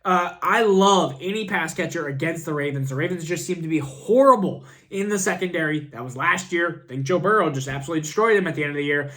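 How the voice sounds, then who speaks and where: A man's voice: on the high side, quick pace, hardly any pauses, a bit bright. A man who is sick with a cough, hosting a fantasy football vlog and talking casually in a rambling, self-deprecating way. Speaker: fantasy football channel host.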